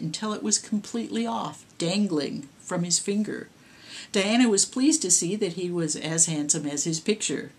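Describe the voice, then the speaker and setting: A woman, the author, reading her own horror story aloud in a measured storytelling way. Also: mid-range voice.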